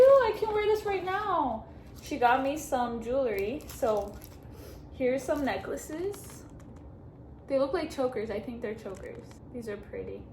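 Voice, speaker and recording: A young woman vlogger with a mellow, mid-range voice gets emotional while reading a card aloud, gushing in a casual chat. The room is echoey, with faint background noise.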